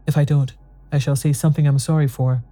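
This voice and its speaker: A narrator voicing a weary, unhappy husband who answers quietly and steadily. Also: mid-range voice, level tone, fast talker, soft background music, natural voice. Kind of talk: audiobook dialogue reading.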